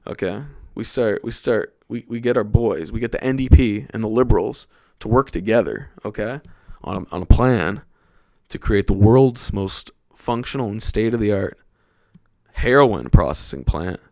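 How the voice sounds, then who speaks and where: A man's voice: on the low side, expressive, normal speed, vocal fry, warm tone. A young man from Canada hosting a podcast, rambling and joking casually with plenty of swearing. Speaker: podcast host.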